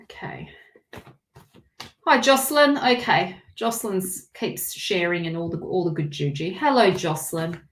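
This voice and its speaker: A woman's voice: fairly low pitch, animated, normal speed, hardly any pauses, a little hiss or hum. A woman with an Australian accent giving a live tarot reading, chatty and rambling, with lots of restarts. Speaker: tarot reader.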